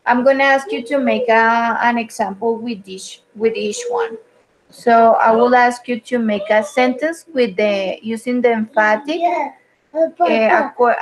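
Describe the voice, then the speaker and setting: Slow, patient woman teaching online. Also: a little high, a little hiss or hum, rough recording. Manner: patient, explanatory, with frequent fillers. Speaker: English teacher. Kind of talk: online grammar lesson.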